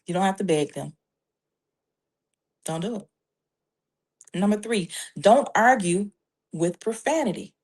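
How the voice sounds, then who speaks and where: A woman speaking as a Christian life coach, giving faith-based parenting advice in a measured, emphatic way and laying out numbered steps backed by scripture. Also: medium pitch, expressive, darkish tone.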